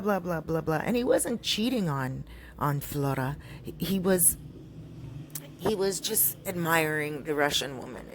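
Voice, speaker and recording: A woman with a notably low voice, chatting her way through a gossipy story. She fills gaps with "um" and "like" and stops to correct herself as she goes. A faint hiss sits under the recording. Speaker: storyteller vlogger. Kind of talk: casual storytelling.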